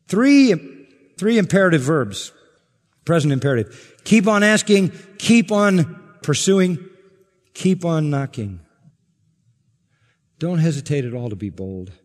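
Pastor guy preaching, kinda high voice, punches the big words, long church echo. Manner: emphatic preaching, voice rising on key words. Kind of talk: sermon.

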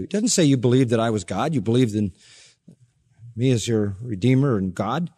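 A pastor preaches a sermon fast and emphatically, his pitch rising sharply and then dropping softly at the ends of phrases. A long reverb tail trails his voice.

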